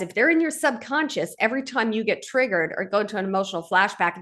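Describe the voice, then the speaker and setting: A woman's voice: medium pitch, a bit bright. A woman hosting a podcast, explaining her ideas in an earnest, direct way and often checking in with the listener. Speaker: podcast host and men's coach. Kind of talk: conversational podcast teaching.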